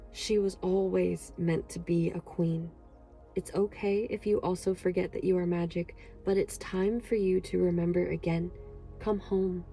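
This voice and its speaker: Woman tarot reader, low gravelly voice, effusive and rambling, soft music behind. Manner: emotional, effusive, rambling with fillers. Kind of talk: pick-a-card tarot reading.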